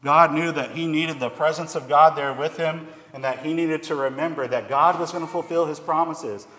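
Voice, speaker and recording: In an echoey church hall with long reverb, a man preaches a sermon, reading scripture aloud and then explaining it in plain, earnest words. His voice is fairly high, bright and forceful, with a steady tone and a moderate pace.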